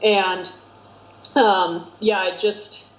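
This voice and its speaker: A woman with a Midwestern American accent, co-hosting a casual podcast chat in an animated, rambling, self-deprecating way. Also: mid-range voice, very slow. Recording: roomy, dull lo-fi sound.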